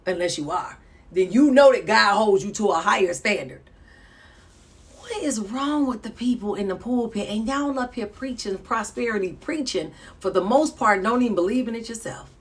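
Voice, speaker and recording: A woman, reacting to a video in an animated, preachy way with laughing asides. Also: medium pitch, normal speed. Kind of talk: reaction commentary.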